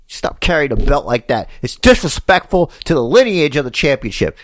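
A man's voice: fairly high pitch, very animated, moderate pace, few pauses, fairly bright tone, no room sound, clean studio sound. A man co-hosting a casual wrestling podcast, sarcastic and given to profane rants. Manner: sarcastic, ranting, swears a lot. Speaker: podcast co-host. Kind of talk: casual chat.

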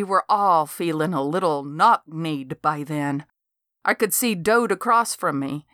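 A woman's voice: deep voice, measured pace, fairly bright tone, no echo, studio quality. A woman narrating a folksy first-person story in a wry storytelling manner, scripted audiobook reading.

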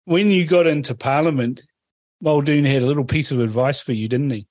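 A man's voice: mid-range voice, fairly quick, darkish tone, no room sound. A man hosting an interview, prompting his guest with easygoing questions. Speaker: host.

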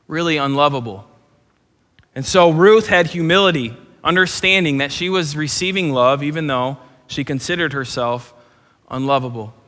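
A pastor giving an earnest, animated sermon, often repeating words as he goes. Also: on the high side. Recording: long hall reverb.

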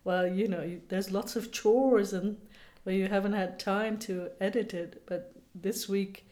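Mellow-voiced woman chatting casually. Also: medium pitch, steady tone, unhurried. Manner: chatty, laughs easily. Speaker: podcast co-host and author. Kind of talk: casual chat.

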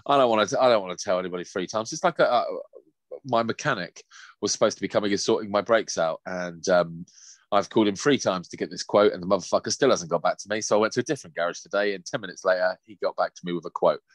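A man's voice: on the low side, fast, no room sound. A man co-hosting a podcast in casual chat, swearing freely and acting out the quotes in his stories. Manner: lively, swears a lot, acts out quotes. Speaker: podcast co-host.

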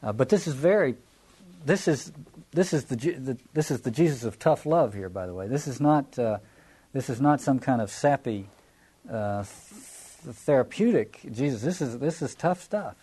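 A man's voice: medium pitch, expressive, normal speed, dark tone, slightly rough. A man teaching a Bible passage in a reflective lecture, often restarting phrases and repeating words as he explains.

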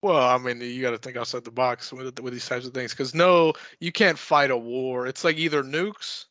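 A man co-hosting a casual podcast chat, rambling through deadpan absurd ideas and swearing freely. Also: mid-range voice, normal speed, no echo. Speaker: podcast co-host.

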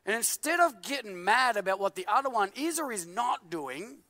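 Jokey preacher guy in his 30s, high voice, long hall echo. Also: moderate pace. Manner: animated, jokey, many filler likes. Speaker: pastor. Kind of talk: sermon. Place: church.

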